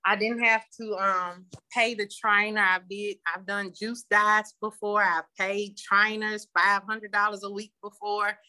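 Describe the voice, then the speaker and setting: A woman speaks openly about her own recovery, her voice bright and forward. She rambles and pauses often with ums. The sound comes through a phone on a video call. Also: mid-range voice, level tone. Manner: candid, rambling, many ums. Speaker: meeting member sharing. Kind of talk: personal recovery share.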